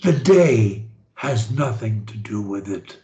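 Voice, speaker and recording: A man leading a speech therapy session, modeling phrases slowly and emphatically. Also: expressive, dark tone, echoey room, lo-fi sound. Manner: emphatic, slow modeling of phrases, swoops up and down in pitch.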